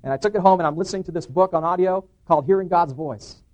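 A middle-aged man giving an animated testimony in church, acting out dialogue and restarting his sentences. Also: high-pitched, quick pace. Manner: excited, acts out dialogue, frequent restarts. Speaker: guest speaker giving testimony.

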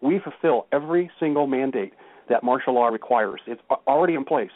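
A man's voice: medium pitch, fairly quick, no room sound. A man speaking as a guest on a call-in talk show, telling stories with emphasis. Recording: tinny phone line.

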